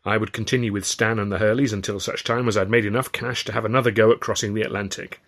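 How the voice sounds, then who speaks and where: Man, low voice, wry measured first-person novel reading. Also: steady tone, a bit bright. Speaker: author and reader.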